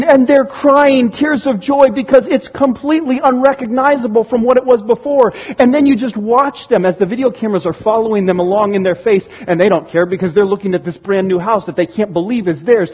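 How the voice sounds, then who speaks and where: A man preaching a sermon in church, telling stories with animated, excited reactions. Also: very high-pitched, a little fast, hardly any pauses, slightly rough, dull audio. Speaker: pastor. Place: church sanctuary.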